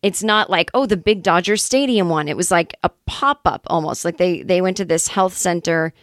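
Chatty, self-deprecating woman comedian with a lowish voice, talking through a rambling story with frank asides, the sound close and dry. Her delivery is loose and conversational, with restarts and swearing. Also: moderate pace, no room sound. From Los Angeles area, California. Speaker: comedian, podcast host. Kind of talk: casual storytelling monologue.

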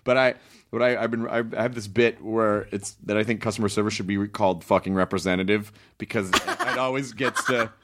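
A man's voice: lowish voice, brisk. A man hosting a casual podcast chat, riffing in comic rants with some swearing. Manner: animated, swearing, ranting comic riffs. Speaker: podcast host.

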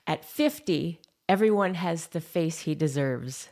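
Woman on a comedy podcast, lowish voice, takes her time, giggles a lot. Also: lively intonation, unhurried. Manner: giggly, warm reactions. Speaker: podcast regular and engineer. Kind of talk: casual comedy chat.

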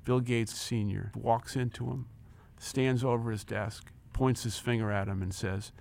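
A gravel-edged man in his sixties recounts a story in an interview. He acts out every bit of dialogue and stumbles over repeated words when the moment gets intense. His voice sits at an ordinary middle pitch. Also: steady tone, unhurried, few pauses, darkish tone. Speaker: interview guest, former company chief.

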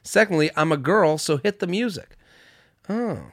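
A man's voice: a little high, fairly quick, a bit bright, no echo, clean studio sound. A man hosting a casual podcast, reading listener emails aloud in a chatty way and laughing often. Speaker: podcast host.

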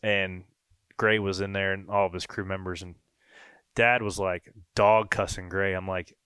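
Thirty-something guy cohosting a podcast, animated storyteller, dead dry mic. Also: sits low, a little slow, clean tone, no echo. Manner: animated storyteller, acts out quoted voices. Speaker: podcast co-host and race driver. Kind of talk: casual storytelling chat.

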